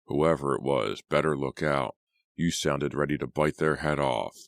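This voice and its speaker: A man's voice: very deep voice, a little slow, creaky, no echo, studio quality, exaggerated voice. A man playing a teenage boy on the phone who teases and then hesitates. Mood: hesitant. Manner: hesitant, teasing.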